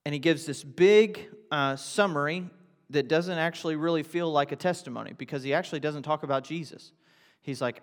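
A man delivers a sermon in a conversational style, firing off rhetorical questions and then hammering points home through repetition. His voice sits a little high for a man. The sound carries the long reverb of a big church hall. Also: brisk. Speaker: pastor.

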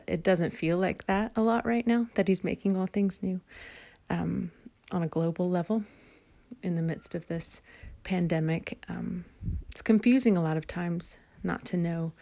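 Lowish woman's voice, a bit of vocal fry, reflective devotional talk, soft and hesitant, slips into near-whispers. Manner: reflective, soft-spoken, with hesitant fillers and self-corrections; drops to near-whispers at times. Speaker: speaker giving a devotional talk.

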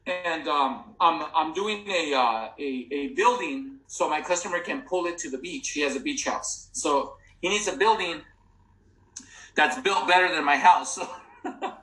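Bright-voiced man telling a rambling rant. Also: on the high side, unhurried, roomy sound, low-quality recording. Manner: rambling, laughing, many restarts. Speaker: podcast co-host. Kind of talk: casual chat, storytelling.

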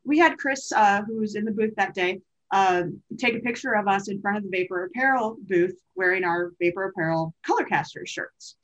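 A woman's voice: mid-range voice, a little fast, a bit bright, dull audio. A woman co-hosting a podcast, telling a story in a chatty, meandering way with self-corrections. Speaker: podcast co-host. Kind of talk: casual conversational storytelling.

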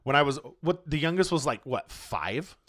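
In a casual chat, a man with a fairly high voice tells a story at a moderate pace. He's animated, swears freely, and acts out what other people said.

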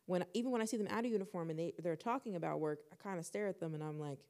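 A young woman co-hosting a podcast, telling a personal story in casual chat and acting out the dialogue with lively shifts. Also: lowish voice, racing. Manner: animated, acts out quoted dialogue. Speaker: podcast co-host.

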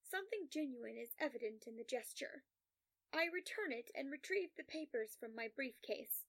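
A woman narrating a first-person story in a calm, measured, soft-spoken way. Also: high voice, no echo.

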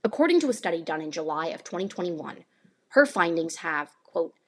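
A woman's voice: lowish voice, big pitch swings, brisk, a little hiss or hum. A woman from Northern California hosting a podcast, giving an earnest, explanatory scripted narration. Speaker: podcast host.

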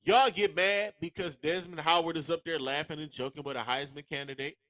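A man hosting a podcast with a sore throat, ranting casually and profanely about sports, heating up to shouts. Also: on the high side, steady tone, a little fast, no room sound. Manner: profane, heated, rising to shouts. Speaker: podcast host.

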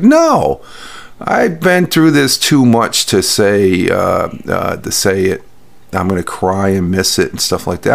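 A man's voice: on the low side, creaky. A man hosting a casual morning audio podcast from home, rambling with lots of fillers and restarts, and turning blunt and mocking when he vents. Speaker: podcast host.

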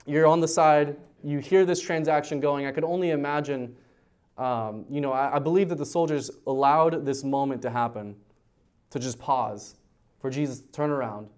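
A man's voice: on the high side, normal speed, darkish tone, clean tone. Conversational male youth pastor teaching. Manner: conversational, asks the audience questions. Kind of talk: verse-by-verse teaching sermon.

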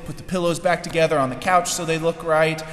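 A man's voice: high-pitched, sing-song, slow, exaggerated voice. A man voicing a frazzled, resentful woman host. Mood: flustered. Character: harried, bitter woman host accusing her guest. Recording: echoey hall with long reverb.

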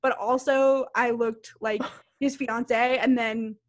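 A woman in her thirties tells a story on a casual podcast, animated and quick to laugh. Her voice sits a little high, and she swears freely. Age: 30s. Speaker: podcast co-host.

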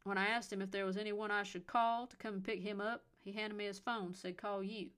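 A condescending old policeman with a deep Southern accent drawls on and on, as a woman reader puts him on. He sounds folksy and sure of himself. The story is told as a spoken audiobook. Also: steady tone, fairly quick, a bit bright, natural voice. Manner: drawling, patronizing.

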